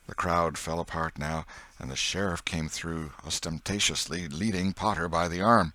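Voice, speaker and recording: A male audiobook narrator with a very low voice reads with dramatic, expressive swells. The recording is dry and close, with no room sound. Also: moderate pace, no echo.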